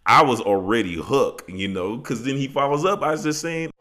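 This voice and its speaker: A man's voice: medium pitch, moderate pace, fairly bright tone, faint music behind. A man talking through a song in a casual podcast chat, reflective and full of "you know" asides. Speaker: podcast co-host.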